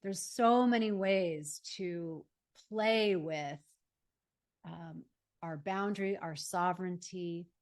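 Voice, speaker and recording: A woman coach giving a calm, guided self-help talk, slowing down and pausing as she leads listeners through an exercise. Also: on the low side. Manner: calm, slow guiding pauses.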